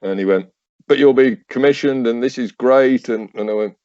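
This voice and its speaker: A man's voice: medium pitch, moderate pace, dark tone, lo-fi sound. A man in his fifties, a podcast guest and army veteran, telling anecdotes with wry, acted-out dialogue and hesitant restarts. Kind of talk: casual anecdotal storytelling.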